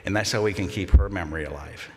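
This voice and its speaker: An older man giving a memorial eulogy, telling fond anecdotes with gentle humor. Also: low voice, fast. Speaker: eulogy speaker. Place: large congregation hall. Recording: long reverb of a large hall.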